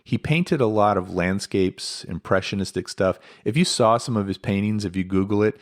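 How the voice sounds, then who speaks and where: A podcast host tells a life story in a lowish voice at normal speed. He keeps it casual and conversational, with lots of fillers and asides.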